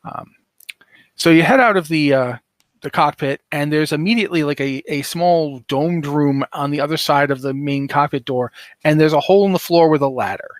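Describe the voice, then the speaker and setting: A man's voice: a little high, normal speed, dry recording, studio quality. Rambling man running a tabletop game. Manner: rambling, vivid descriptions with many fillers. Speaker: game master.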